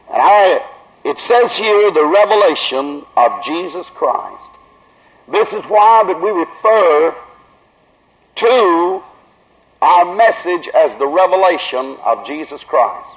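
Southern man preaching, high voice, slow drawn-out delivery that rises to emphasis, dull lo-fi old recording. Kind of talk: tent revival sermon. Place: revival tent.

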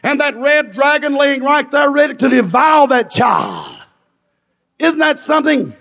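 A man preaching a fiery revival sermon, shouting in rhythmic repeated phrases that swell and drop. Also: extremely high pitch, sing-song, a little slow, vocal fry. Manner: shouting, rhythmic repetition, rising and falling in bursts. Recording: long reverberant hall.

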